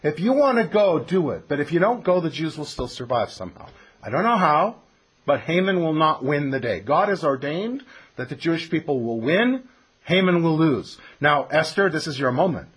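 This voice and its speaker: A man teaching a text study lesson, with a slightly husky voice that sits a little high. He tells the story with plenty of swing in his pitch and reads his sources aloud. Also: animated, moderate pace, a bit bright.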